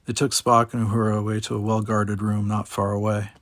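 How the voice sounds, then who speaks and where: A male audiobook narrator telling a science fiction story at a steady pace. His voice is gravelly, and the recording is dry and close. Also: fairly low pitch, fairly quick, no room sound.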